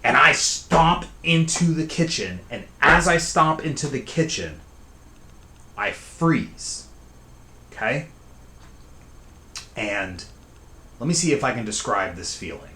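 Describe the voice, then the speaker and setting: A man telling his own scary story in a casual, conversational way, often pausing to ask "okay?". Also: mid-range voice, lively intonation, pushed and bright, roomy sound. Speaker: storyteller host. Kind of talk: casual spoken horror storytelling.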